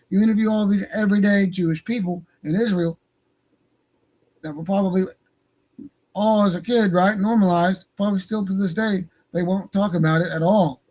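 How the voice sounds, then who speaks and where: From a home studio, this online radio show host delivers a casual ranting monologue that's profane, heated and rambling. His voice sits high and mellow, with a steady tone and a fairly quick pace.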